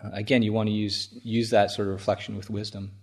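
A man with a low voice, a Buddhist monk, tells a story to his listeners. He chuckles throughout and often stops and restarts his sentences. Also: little pitch movement, darkish tone. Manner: chuckling, halting with many restarts. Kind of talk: storytelling talk.

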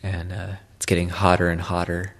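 A male Buddhist monk giving a Dharma talk in a halting way, often repeating words and pausing with fillers. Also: sits low, monotone, vocal fry.

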